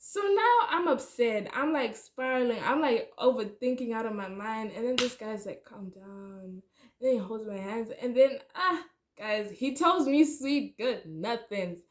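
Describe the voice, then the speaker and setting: A young woman telling a storytime vlog, animated and chatty, talking straight to her viewers. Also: on the high side, normal speed. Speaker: vlogger.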